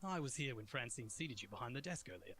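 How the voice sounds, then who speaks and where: A man's voice: mid-range voice, lively intonation, fast talker, fairly bright tone, a little hiss or hum, natural voice. A man voicing a courteous, older British male arcade regular in a put-on British accent, reading a visual novel game. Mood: polite, wistful. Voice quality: courteous, formal phrasing.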